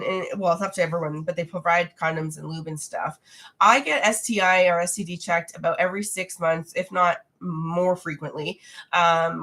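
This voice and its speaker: A young woman with a slightly low voice, stuffy and nasal from a lingering cold. She chats frankly and casually from home while hosting a livestream, reading out viewer questions and answering them as she goes. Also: a bit bright. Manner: frank, chatty, reads viewer comments aloud. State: congested, nasal from a recent cold.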